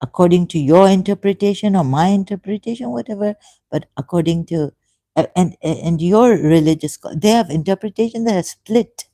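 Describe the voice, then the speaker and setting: A man with a dark yet high voice gives an emotional monologue to camera as a religious video commentator. Earnest and pleading, he stumbles through many restarts and fillers, and the recording is dry.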